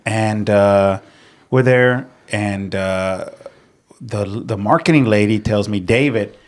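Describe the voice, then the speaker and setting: Middle-aged man telling animated stories. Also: on the low side, slow pace. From San Antonio, Texas. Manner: animated storyteller, acts out quotes, swears casually. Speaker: podcast guest. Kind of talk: casual storytelling.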